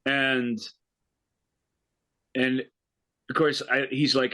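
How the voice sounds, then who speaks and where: A man's voice: medium pitch, slow pace, long pauses, sharp tone, rough recording. Rambling man chatting about movies. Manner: rambling storyteller, frequent restarts and fillers. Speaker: podcast co-host. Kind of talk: casual chat about movies.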